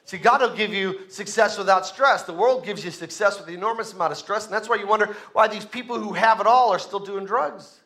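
Pastor guy preaching hard, high bright voice, keeps repeating lines and getting the crowd to shout back. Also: fairly quick, hardly any pauses. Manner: emphatic call-and-response, heavy repetition. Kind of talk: sermon.

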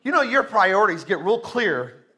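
A man, a pastor, preaching a sermon in a church, emphatic and rising loud on key points. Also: high-pitched, sing-song, moderate pace.

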